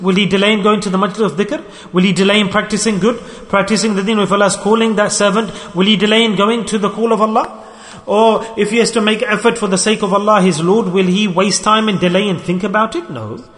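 A man's voice: high-pitched, fairly bright tone. A middle-aged man preaching a sermon, telling stories and acting out the dialogue. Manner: storytelling, acts out dialogue, rising and falling delivery. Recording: echoey hall with long reverb.

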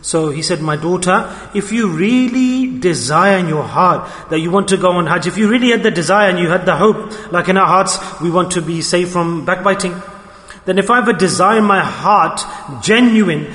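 A high-voiced man delivers an emphatic sermon, repeating his points and calling out to the congregation. His voice rings through a large hall with a long, roomy reverb. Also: normal speed, a bit bright. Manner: emphatic, repeating phrases, addressing the congregation directly. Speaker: preacher. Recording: echoey hall.

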